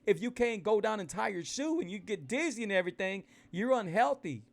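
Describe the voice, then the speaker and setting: A man with a slightly high voice chats on a livestream. He speaks in a lively, folksy way and often repeats himself. He keeps turning to the viewers to address them directly. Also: fairly quick, creaky. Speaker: keto weight-loss vlogger. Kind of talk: casual livestream chat to followers. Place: indoors, livestreaming.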